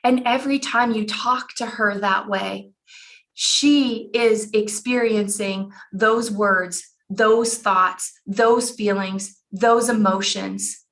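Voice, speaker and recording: A woman's voice: medium pitch, steady tone, slow, fairly bright tone. A woman in her forties, a life coach telling a personal story in an earnest way and repeating phrases for emphasis, over a computer mic on an online call.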